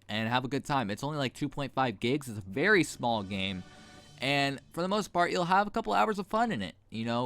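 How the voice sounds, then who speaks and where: A man's voice: medium pitch, a bit bright, clear, resonant tone. A man giving blunt, rambling, sarcastic commentary while playing a game at his computer mic. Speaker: gaming video host. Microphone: desk mic while gaming.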